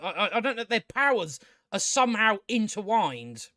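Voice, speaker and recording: A man's voice: sits high, sing-song, moderate pace, bright, forceful tone, no room sound, clean studio sound. A man ranting sarcastically about a movie, often stammering and restarting his sentences. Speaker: movie commentator. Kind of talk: casual opinion rant.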